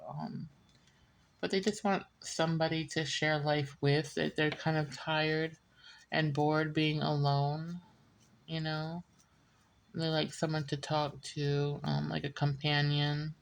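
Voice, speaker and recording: A woman's voice: low-pitched, gravelly, a little mellow, slight background noise. A woman giving a casual, rambling reading, often laughing and drifting into side stories. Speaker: tarot reader. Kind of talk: casual chatty reading monologue.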